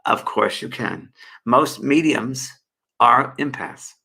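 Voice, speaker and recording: Gravelly bright-voiced male medium. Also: medium pitch, slow pace. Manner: gentle, rambling, answers viewer questions with many fillers. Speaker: spiritual medium and host. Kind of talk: live online Q&A and guidance.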